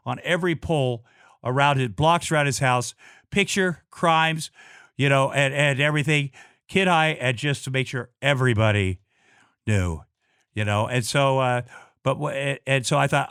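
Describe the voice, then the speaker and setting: A middle-aged man from Iowa tells a personal story as a guest, in a voice of ordinary pitch. He talks bluntly, swears freely and stumbles through restarts and repeated words. The sound is dry, with no room echo. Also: normal speed, a bit bright, smooth. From Iowa, USA. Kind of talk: personal storytelling in casual talk.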